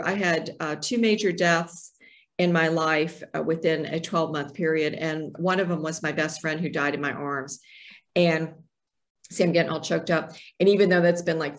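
A woman's voice: on the low side, normal speed. A woman, a guest author talking in a casual interview and animatedly acting out the voices she quotes.

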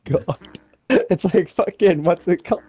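A man chatting with friends while gaming, excitable and quick to laugh. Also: high-pitched. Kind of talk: casual gaming chat with friends.

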